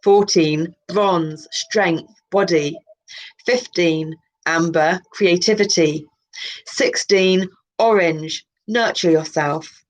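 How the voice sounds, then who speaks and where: A woman's voice: on the low side, takes it slowly, rough recording. A woman reading a colour card list aloud as a channel host, drifting into musing, self-interrupting asides.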